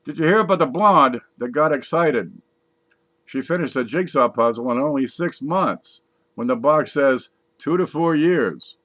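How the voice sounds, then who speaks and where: A man casually reading jokes aloud from a page, putting on higher voices for the punchlines. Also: animated, unhurried, fairly bright tone. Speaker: joke reader.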